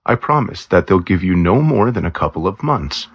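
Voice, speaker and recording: A man voicing a stubborn young cop who reassures his partner in a calm, teasing way. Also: low-pitched, normal speed, slightly rough, no echo, dull audio, full character voice.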